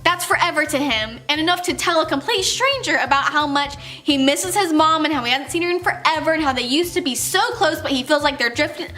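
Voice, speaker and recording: A young woman from California tells a story in a high, bright voice full of quick exclamations. Her delivery is lively and expressive, with soft music playing behind her. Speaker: vlogger. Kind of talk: storytelling vlog.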